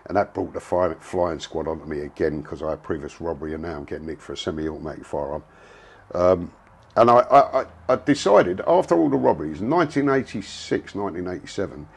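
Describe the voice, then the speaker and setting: A man's voice: very deep voice, slightly rough. A man, telling a story in a blunt, casual way, full of slang and swearing. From England. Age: 60s. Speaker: interviewee.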